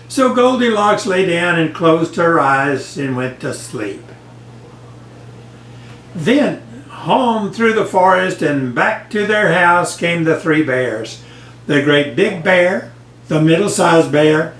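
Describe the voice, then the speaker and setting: An older man reading a bedtime story to his grandchild, slow and gentle. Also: fairly high pitch, animated. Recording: echoey room, voice off-mic.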